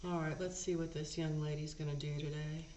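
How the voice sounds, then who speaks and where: A woman's voice: deep voice, level tone, fairly quick, dark tone, slight background noise. A woman co-hosting a reaction video, chatting casually and leading the conversation. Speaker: co-host of a reaction channel. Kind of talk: casual chat. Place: home studio. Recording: roomy, distant and dull-sounding.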